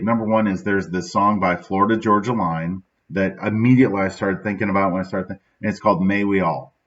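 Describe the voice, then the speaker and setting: A man's voice: on the low side, a bit bright, recorded from a distance. A middle-aged man hosts his daily motivational talk in a sad, subdued mood. He speaks casually and reflectively, often checking in with "right?". The recording is slightly dull and picked up from a little way off the mic. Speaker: podcast host.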